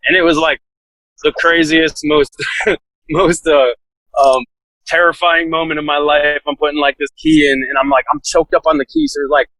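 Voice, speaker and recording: A relaxed man with a drawl tells a long story the casual way, leaning on fillers and chuckling as he goes. His voice sits a bit high for a man. The sound is dry and close. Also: normal speed, dry recording, low-quality recording. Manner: laid-back, lots of "like" fillers, laughs while telling. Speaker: podcast guest, SWAT officer.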